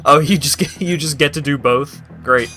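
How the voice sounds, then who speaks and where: A man's voice: a little high, normal speed, bright, forceful tone, faint music behind. A man streaming a video game, making wry, laughing asides in a casual let's-play style.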